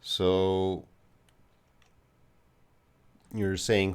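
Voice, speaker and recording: A man from Canada with a Canadian accent, a patient English teacher answering viewers' questions on a live stream, explaining slowly with fillers and examples. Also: sits low, a little mellow.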